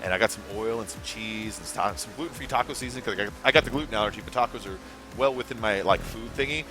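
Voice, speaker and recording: A man's voice: fairly low pitch, quick pace, over music. A young man hosting a casual gaming livestream, rambling, swearing freely and answering chat as he plays.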